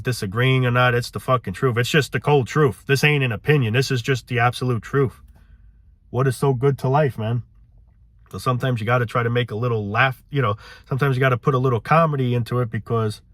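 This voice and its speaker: A man's voice: mid-range voice, a bit bright, no room sound. A man hosting his own vlog channel, ranting in a loose, frustrated way, saying "man" often and swearing. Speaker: channel host.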